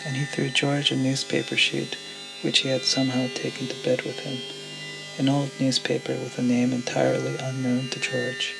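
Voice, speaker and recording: A man reading classic fiction aloud as a steady, even narrator, with music underneath. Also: mid-range voice, moderate pace, vocal fry, poor audio.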